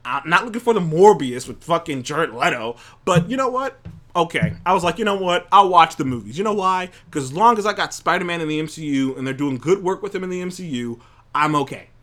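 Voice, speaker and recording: Man, heated profane rant, high voice, lively swings, studio mic. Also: fairly quick. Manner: angry, profane, rambling with restarts. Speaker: show host.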